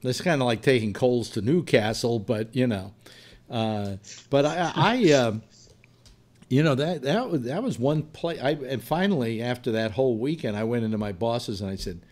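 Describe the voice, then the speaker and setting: A man's voice: mid-range voice, normal speed, a little mellow. A man in his seventies hosting a casual panel chat, telling long rambling stories from his past. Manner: rambling anecdotal storyteller. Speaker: radio show host.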